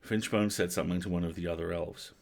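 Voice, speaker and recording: A man reading a dark fantasy novel aloud on a livestream, in a steady, measured storytelling manner. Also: sits low, gravelly.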